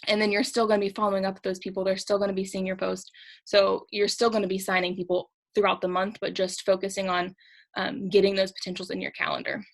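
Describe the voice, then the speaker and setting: A young woman talks quickly and a little out of breath, coaching her team in a casual, chatty way. She sounds upbeat as she hosts the group on a video call. Her pitch sits in an everyday middle range. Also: completely flat delivery, poor audio. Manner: fast-talking, chatty, upbeat.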